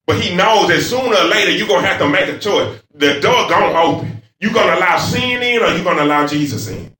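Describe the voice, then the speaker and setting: A man preacher delivering a fervent sermon in a church, moving between shouts and hushed passages. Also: sits high, expressive, a little fast. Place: church sanctuary. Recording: echoey church from far off.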